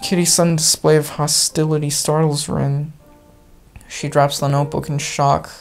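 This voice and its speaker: A gaming channel host reading a visual novel aloud in plain, measured narration. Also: medium pitch, flat delivery, vocal fry, soft background music.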